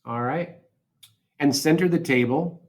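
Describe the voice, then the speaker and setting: A man teaching a software lesson, talking through each step aloud in a casual way and correcting himself as he goes. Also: fairly high pitch, measured pace. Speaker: instructor. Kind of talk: screen-recorded software tutorial.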